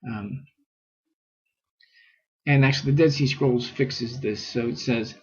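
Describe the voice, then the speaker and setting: A man's voice: mid-range voice, takes it slowly, slightly rough, dull audio. A man giving a casual scripture lesson, thinking aloud with fillers and reading passages aloud. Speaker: scripture teacher.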